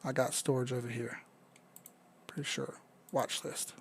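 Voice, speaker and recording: A man's voice: mid-range voice, little pitch movement, measured pace, vocal fry, slightly rough. A man hosting a crypto live stream, talking casually and rambling while he charts, swearing now and then and reading out chat. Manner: laid-back, rambling, swears casually, reads chat aloud.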